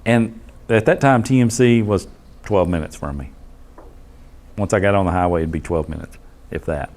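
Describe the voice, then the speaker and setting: A man, an EMT instructor telling a case story to his class in a blunt, animated way. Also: low voice, normal speed. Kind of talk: storytelling lecture.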